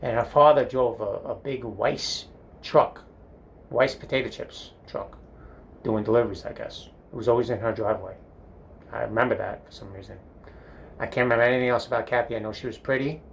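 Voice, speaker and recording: A man's voice: medium pitch, fairly even intonation, a little fast, creaky, slight background noise. An older man telling rambling comic stories about his school days, full of fillers and self-amused chuckles. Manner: meandering, filler-heavy, chuckling at himself. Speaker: comedic storyteller. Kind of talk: rambling storytelling monologue. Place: bathroom.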